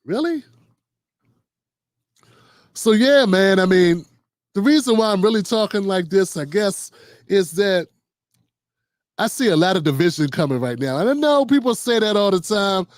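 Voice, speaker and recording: Middle-aged guy ranting casually on a livestream, pretty high voice, dry close sound, slangy and animated. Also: moderate pace, pauses often, dry recording. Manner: loose, animated, riffing with slang and quoted voices. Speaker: host. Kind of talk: casual political commentary livestream.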